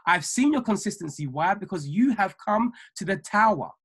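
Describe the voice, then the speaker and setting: A man giving an emphatic, repetitive motivational talk to his trading mentees over a video call, building from calm to fiery. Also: sits high, normal speed, slightly rough. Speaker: trading mentor.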